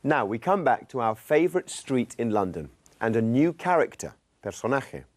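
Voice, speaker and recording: A man co-presenting a scripted English lesson in a friendly, clear, instructive tone. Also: mid-range voice, big pitch swings, moderate pace.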